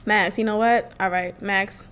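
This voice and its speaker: A woman doing a tired, low-voiced man. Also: steady tone, measured pace, a bit bright, clean tone, lightly acted. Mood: tired, flat. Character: calm, tired young man, mildly irritated.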